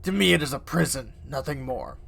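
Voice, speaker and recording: Towering male demon read by a man, measured, menacing, grandiose, gravelly, bright tone. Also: mid-range voice. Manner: slow, measured, grandiose delivery. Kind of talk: game dialogue read aloud.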